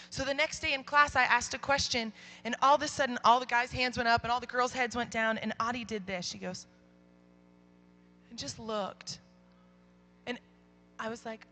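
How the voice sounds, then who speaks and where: A woman's voice: a little high, steady tone, normal speed, pauses often, bright, forceful tone. A young woman, a Christian speaker, telling a story to an audience and acting out the dialogue.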